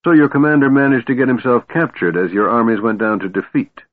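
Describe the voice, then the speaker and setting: A man voicing a bitter, menacing male warlord who is quick to anger. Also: medium pitch, fairly even intonation, dry recording, pitched above the performer's own voice, natural voice. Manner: scowling, bitter, snorting. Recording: narrow phone-like sound, dry.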